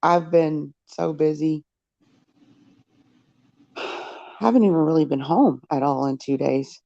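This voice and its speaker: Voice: mid-range voice, steady tone, slow pace, gravelly, dark tone, no room sound, highs cut off. A regular guest on a casual chat, laughing easily and talking in a chatty way.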